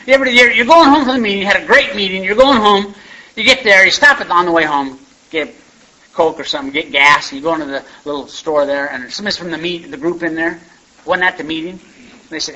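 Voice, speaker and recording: This man talks fast, his voice high and sharp-toned, as he shares his story at a recovery meeting. He meanders folksily, leaning on "you know" and "man" again and again, captured on a dull, lo-fi recording with light hiss.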